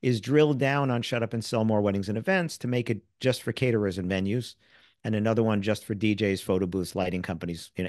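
A man's voice: on the low side, dry recording, studio quality. Chatty American man telling stories. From United States. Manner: animated storyteller who acts out quoted people. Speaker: guest, sales author and speaker. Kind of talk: casual interview storytelling.

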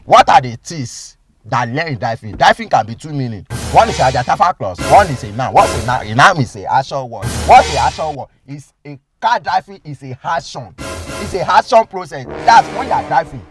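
A man's voice: a little high, big pitch swings, moderate pace, music in the background. A man with a Nigerian accent playing a boastful comic driving instructor in a comedy skit, mixing pidgin and English and laughing often.

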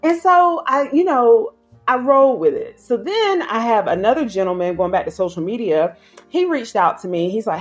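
A woman, telling an animated story as an interview guest and acting out other people's voices. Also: on the low side, fairly quick, soft background music. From South Carolina, US. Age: 30s. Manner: acts out quoted voices, slangy and emphatic. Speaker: guest filmmaker. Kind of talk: animated storytelling in casual chat.

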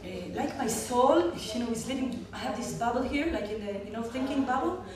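An Israeli woman with a fairly high voice tells a personal story as a medical clown, animated, with frequent laughter and broken, restarting sentences. She sounds distant from the mic in a very echoey hall, with an audience audible around her. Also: brisk, a crowd in the background.

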